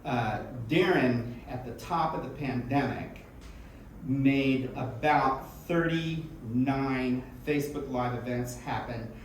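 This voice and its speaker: A man's voice: mid-range voice, slow. A man hosting a live event, introducing people from the stage in an effusive, chatty way and laughing often. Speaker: event host. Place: small event hall in a music school. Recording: echoey room from far off, noisy.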